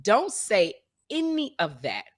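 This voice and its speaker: A woman's voice: mid-range voice, wildly swooping pitch, takes it slowly. A middle-aged woman co-hosting a comedy chat show, teasing and lecturing her producer. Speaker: podcast co-host.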